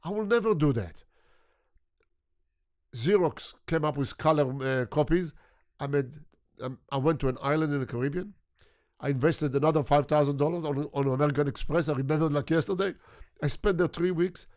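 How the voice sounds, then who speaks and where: Older guy from israel, ish english, earnest, kinda higher voice. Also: brisk, darkish tone. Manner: earnest, repeats words, non-native grammar. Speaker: guest photographer. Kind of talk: conversational interview storytelling.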